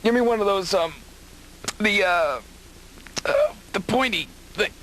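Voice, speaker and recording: A man's voice: a little slow, fairly bright tone, a little hiss or hum, low-quality recording. Brief: stoned male surgeon, a comic's bit, giggly and lost. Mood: spacey. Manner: giggly, spacey, high-pitched.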